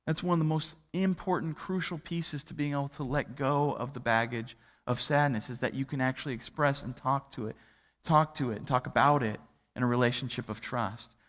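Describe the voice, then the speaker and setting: A young adult pastor preaches a sermon in a church sanctuary, conversationally telling stories that poke fun at himself. His medium-pitched voice is fairly bright and brisk with fairly even intonation, and the church livestream carries hall reverb.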